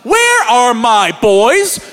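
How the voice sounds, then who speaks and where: A man in his thirties performs a crude, animated stand-up set. His voice sits high and swings widely in pitch. Loud audience noise and laughter fill the live club recording. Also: very slow. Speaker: stand-up comedian.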